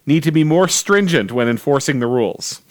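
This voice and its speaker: A man's voice: fairly high pitch, animated, brisk, dry recording, studio quality. A man co-hosting a podcast, chatting casually through his notes on old wrestling shows, with lots of fillers and restarts. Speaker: podcast co-host.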